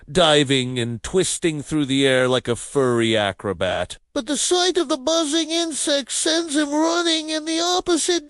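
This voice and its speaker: A woman narrating a cartoon story in an expressive storybook manner. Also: fairly high pitch, no echo. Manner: expressive, animated.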